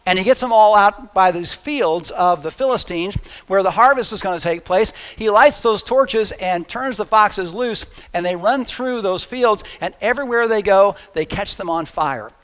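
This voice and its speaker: A man's voice: high-pitched, normal speed, fairly bright tone, clear, resonant tone. A male pastor preaching a sermon, retelling a story in a casual, joking way.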